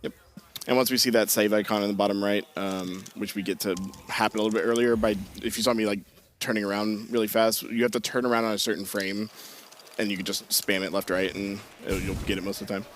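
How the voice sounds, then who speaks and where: A man explaining his own speedrun in a relaxed, casual way, full of filler words and easy laughter. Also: lowish voice, fast, slight background noise. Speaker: speedrunner on a live stream. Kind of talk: casual commentary.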